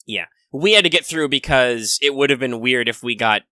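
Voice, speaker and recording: Bright-voiced rambling podcast co-host man. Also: medium pitch, lively intonation, normal speed, no room sound, studio quality. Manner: rambling, jokey, talks at length. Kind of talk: casual chat.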